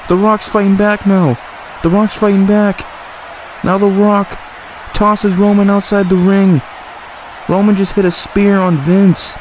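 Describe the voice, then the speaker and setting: A man with a high voice calls the wrestling action in play-by-play fashion, breaking into exclamations as the fight unfolds. A faint hiss of noise sits under his voice. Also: unhurried. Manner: excited, exclamatory ringside calling. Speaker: commentator for a wrestling video game series. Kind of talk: play-by-play commentary.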